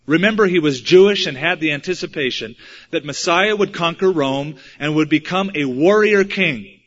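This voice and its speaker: A preacher man with a fairly high voice, dramatic. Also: moderate pace, a bit bright. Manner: dramatic, acts out quotes with shifting pitch and volume. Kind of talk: sermon. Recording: dull lo-fi recording.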